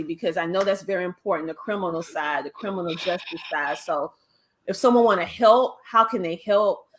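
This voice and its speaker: A woman podcast host with a Southern US accent, chatting in an excited, effusive way in an interview. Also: fairly low pitch. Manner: excited, effusive, laughs often. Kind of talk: casual interview chat.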